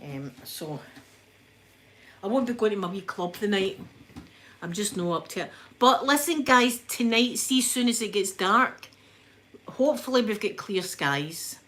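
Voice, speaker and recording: A woman from Scotland with a Glaswegian accent hosts a livestream, chatting casually and animatedly with viewers and reading out chat names. Her voice is mid-range and unhurried, and she sounds a bit breathless as she recovers from illness.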